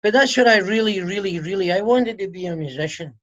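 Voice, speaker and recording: A man's voice: high voice, lively intonation, fairly quick, a bit bright, muffled recording. A Scottish man with a Glaswegian accent, a comedian talking casually and sarcastically on a video call, swearing freely. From Scotland. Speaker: comedian guest. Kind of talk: casual interview chat.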